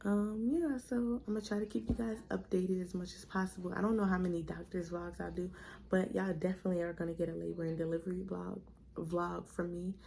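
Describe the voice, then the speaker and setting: A young woman tells her story in a chatty, animated way, calling her viewers y'all. Her voice is low and mellow with a gravelly fry. A faint hum of room noise sits behind her. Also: a little fast. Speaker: vlogger. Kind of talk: casual storytelling vlog.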